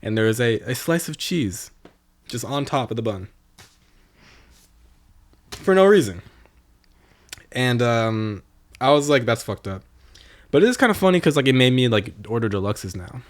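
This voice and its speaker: A man's voice: medium pitch, sing-song, moderate pace, pauses often, no room sound. Exasperated, foul-mouthed young man, dry sound. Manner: profane, exasperated storytelling. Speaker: podcast co-host. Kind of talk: casual chat.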